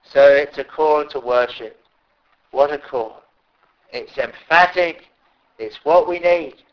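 A man preaching a sermon in an earnest way, rising to loud pleading calls at times. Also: medium pitch, lo-fi sound.

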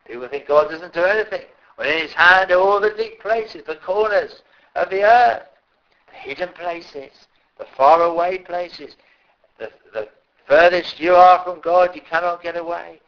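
A man preaching a sermon in an earnest way, rising to loud pleading calls at times. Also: high voice, a little slow, muffled recording.

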